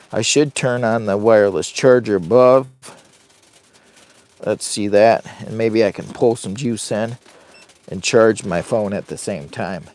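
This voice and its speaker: A man's voice: on the low side, darkish tone. Rambling, chatty man livestreaming from a tent. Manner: chatty, hypes viewers to like and share. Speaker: vlogger livestreaming from a camping trip. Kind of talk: rambling casual live-stream chat. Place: inside a heated tent at a campsite. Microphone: phone.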